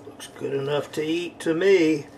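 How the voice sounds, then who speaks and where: A man's voice: on the high side, fairly even intonation, unhurried, a little mellow, slight background noise. A man narrating his own cooking in a home kitchen, dry and wry. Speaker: home cook.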